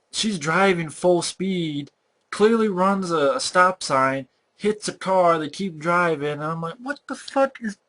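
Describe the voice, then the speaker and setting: A man giving a ranting movie review, swearing freely and sounding exasperated and animated. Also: fairly high pitch. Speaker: film reviewer.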